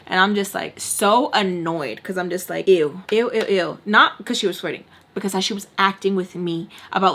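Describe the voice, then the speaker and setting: A young woman telling a personal story in a casual storytime vlog, animated and profane, acting out the people she talks about. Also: medium pitch.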